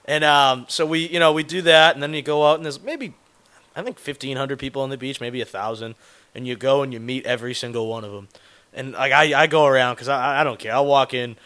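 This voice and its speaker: A man's voice: medium pitch, steady tone, fast, fairly bright tone, clear, resonant tone. A man telling a rambling, profane, self-mocking story in casual chat, laughing as he goes.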